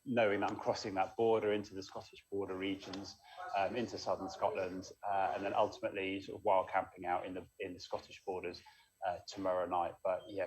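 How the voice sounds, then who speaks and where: A long-distance cyclist with a low-sitting voice chats quickly and upbeat in a casual phone interview.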